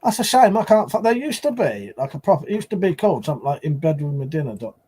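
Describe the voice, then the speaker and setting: A man's voice: on the high side, big pitch swings, quick pace, dark tone, slight background noise. A man hosting a casual live stream, rambling and swearing as he answers chat.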